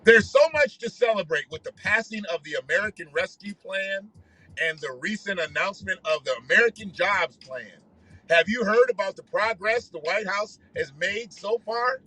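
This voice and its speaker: A man putting on the voice of an upbeat female political campaign worker reading a scripted pitch. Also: normal speed, pushed and bright, breathy edge, heavily acted, rough recording. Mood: chirpy.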